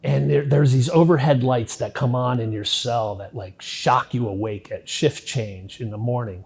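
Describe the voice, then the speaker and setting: A man's voice: medium pitch, normal speed, vocal fry. A middle-aged man gives an interview about his own past. He talks plainly and bluntly, with casual swearing, and his voice sinks nearly to a murmur when the memories turn grim. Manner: candid, drops to near-quiet at grim moments, swears casually. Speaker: interview guest. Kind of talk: telling his life story in an interview.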